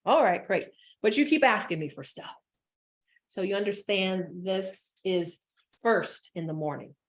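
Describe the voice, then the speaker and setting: A woman business coach giving an energetic motivational talk, repeating phrases for emphasis. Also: mid-range voice, a little slow.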